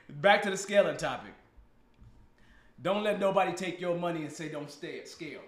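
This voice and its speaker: A man's voice: a little high, normal speed. A man hosting a casual live stream with a guest on a video call, joking, teasing and laughing often. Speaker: podcast host. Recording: roomy echo.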